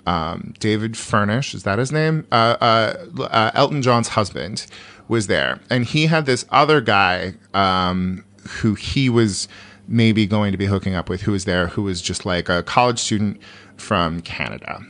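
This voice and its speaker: A man's voice: lowish voice, lively intonation, unhurried, fairly bright tone. A man in his forties, a comedian guest, telling stories in a rambling way with many fillers, self-corrections and laughs. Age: 40s. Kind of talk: casual conversational storytelling.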